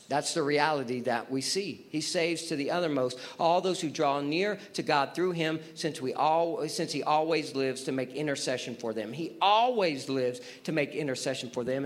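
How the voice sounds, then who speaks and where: High-voiced emphatic male preacher. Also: fairly bright tone. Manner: emphatic, repeats phrases, asks the audience rhetorical questions. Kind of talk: sermon.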